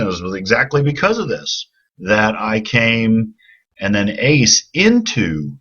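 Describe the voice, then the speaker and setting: A man with a very low, husky voice talks through a lesson in a loose, unhurried way, stopping and restarting as he thinks aloud. His tone has a bright, forceful edge, and the recording sounds dull and lo-fi. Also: big pitch swings. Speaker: Greek professor. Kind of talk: informal classroom lecture.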